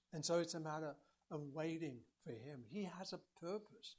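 A man preaching a sermon in an earnest voice, rising to emphatic peaks and dropping low, with rhetorical questions to the congregation. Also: moderate pace, hardly any pauses, a little mellow, slightly rough.

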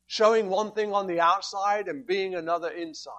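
A man with a high voice preaches a sermon. He is emphatic and steady, often asking rhetorical questions and quoting scripture as he explains his point. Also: normal speed, lo-fi sound.

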